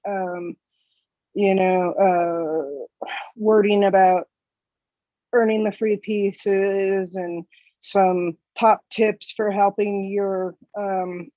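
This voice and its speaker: A woman's voice: mid-range voice, dry recording. Woman explaining sales tips on a call, mid voice, dull dry audio. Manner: friendly, practical, filler-heavy. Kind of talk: casual coaching chat.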